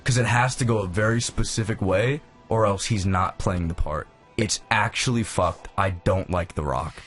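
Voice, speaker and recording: A man's voice: fairly low pitch, normal speed, fairly bright tone. A young man hosting a casual chat while playing a game, talkative and opinionated, swearing freely. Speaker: gamer host. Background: faint game music.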